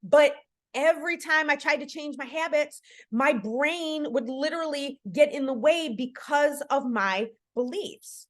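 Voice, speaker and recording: A woman's voice: high voice, measured pace. A middle-aged woman hosting a live book club on a video call, talking in an earnest, encouraging way with lots of "you know" and "like". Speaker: podcast host leading a book club.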